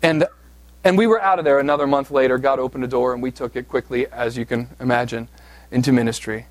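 A man's voice: medium pitch, fairly even intonation, fast talker, no room sound. A man from southeast Pennsylvania preaching a sermon, telling a personal story in a conversational, self-deprecating way with frequent "right?" asides. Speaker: pastor.

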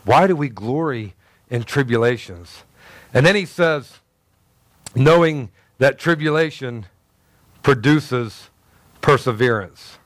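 A man preaching a sermon as pastor, animated and joking with the congregation. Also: a little high, clear, resonant tone, no echo. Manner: animated, jokey, talks to congregation.

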